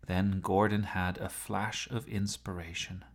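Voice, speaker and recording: A man narrating a storybook with an expressive reading style. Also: low voice, a little slow.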